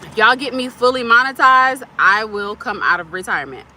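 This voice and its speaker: A woman's voice: on the high side, expressive, moderate pace, sharp tone, a little hiss or hum. A woman live-streaming from her parked car, chatting casually and answering viewers' comments. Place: parked car at a curbside pickup.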